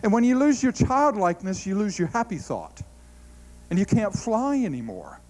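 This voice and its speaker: A middle-aged man delivers a sermon in a slightly high voice. He tells stories with animated energy, breaking into laughs and stumbling over restarts as he goes. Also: normal speed, rough recording. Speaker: preacher.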